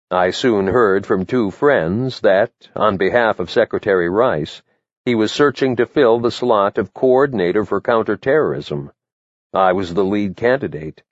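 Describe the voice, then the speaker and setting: Low-voiced man reading his memoir. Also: dry recording, highs cut off. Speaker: memoir narrator. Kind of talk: first-person memoir reading.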